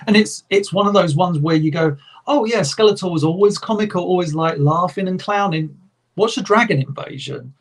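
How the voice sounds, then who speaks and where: A man's voice: high-pitched, fairly quick. A man co-hosting a podcast, talking with enthusiasm in a rambling way and swearing often. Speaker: podcast co-host. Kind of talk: casual chat.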